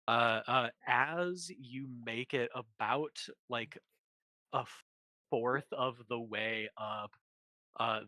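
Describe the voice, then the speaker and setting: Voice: medium pitch, pushed and bright, no room sound. A game master narrating a tabletop session, hesitant with many fillers.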